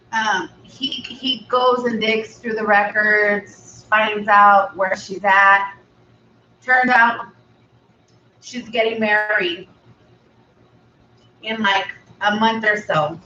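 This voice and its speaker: A mukbang channel host chats through a food video, rambling casually as she retells a film's story. Her mid-range voice has a sharp tone, and the recording comes from a distance in an echoey room, slightly dull with some hiss or hum.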